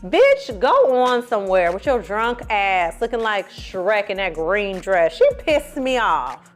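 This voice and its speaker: A woman's voice: medium pitch, a little slow, soft background music. A woman doing a casual recap of a reality show, sassy and profane, telling it with lots of attitude. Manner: sassy, profane, animated storytelling. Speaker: film and TV reviewer.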